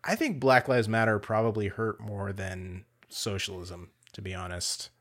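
A man's voice: fairly low pitch, unhurried, fairly bright tone. Laid-back man swearing casually. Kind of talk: casual political chat.

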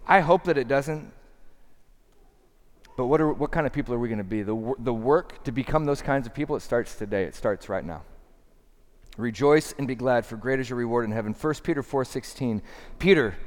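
A man preaching a sermon as a pastor, swinging from loud emphatic bursts to hushed, slow lines. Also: mid-range voice. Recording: long hall reverb.

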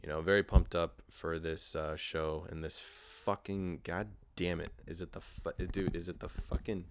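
A man hosting a solo podcast, rambling in a frustrated, swearing, low-energy way while talking into a portable recorder. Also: little pitch movement, moderate pace, a little hiss or hum. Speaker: podcast host. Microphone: handheld portable recorder.

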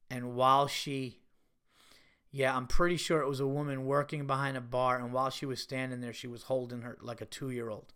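A man hosting his own podcast, telling profane, animated stories with laughs in a casual, unscripted way. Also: medium pitch, clean tone. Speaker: podcast host and stand-up comedian. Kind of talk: casual solo podcast storytelling.

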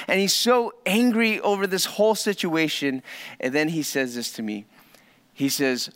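A pastor preaching a sermon, telling a story with dramatic pauses and swings from hushed to loud. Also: male voice, medium pitch, animated, smooth.

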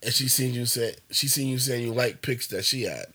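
Bright, husky young man in banter. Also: mid-range voice, brisk. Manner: blunt, laid-back, teasing questions. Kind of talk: casual chat.

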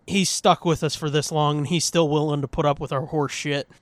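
Brief: male podcast co-host, high animated voice, crude joker, dry close mic. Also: brisk, no room sound. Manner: profane, joking, puts on voices. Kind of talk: crude casual banter.

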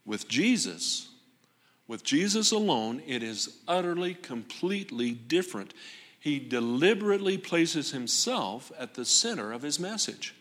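A man preaching a sermon with dramatic pauses and rising emphasis on repeated phrases. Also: fairly high pitch, very animated, a bit bright. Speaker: pastor. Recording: long hall reverb.

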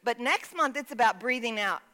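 A woman's voice: a little high, lively intonation, normal speed, pushed and bright, big-room sound. A woman pastor preaching a sermon and calling out to the congregation for responses.

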